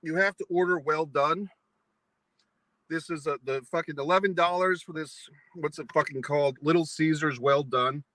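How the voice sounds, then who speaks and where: A man's voice: a little high, normal speed, a bit bright, no echo, rough recording. A man from New England ranting at length, angry and profane, in a vlog monologue. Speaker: vlogger. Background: eating pizza.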